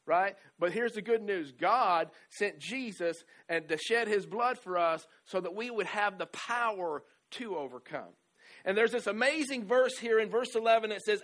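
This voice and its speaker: A man preaching in a slightly higher voice than most men. He drifts between soft, chatty asides to the congregation and loud, stretched-out, emphatic lines, tossing in "right?" and "amen" as he goes. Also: expressive, moderate pace. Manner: conversational, peppered with "right?" and "amen". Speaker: pastor. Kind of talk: sermon.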